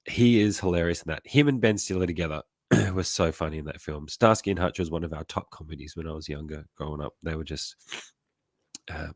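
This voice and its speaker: Deep-voiced congested man hosting. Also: a little fast, no echo, clean studio sound. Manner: laid-back, laughs often, repeats himself. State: congested from a sinus illness. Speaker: host. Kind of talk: casual live-stream chat.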